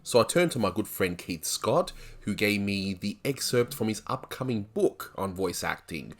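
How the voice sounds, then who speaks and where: A man hosting a casual chat, relaxed and conversational. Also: fairly low pitch, normal speed. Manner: relaxed, conversational, some restarts. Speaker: host.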